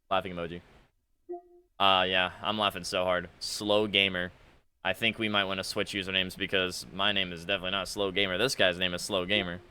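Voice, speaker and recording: A man's voice: deep voice, sharp tone, smooth. A young man giving casual, sarcastic commentary while reading out chat messages from a game, exasperated and mocking. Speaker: gaming content creator.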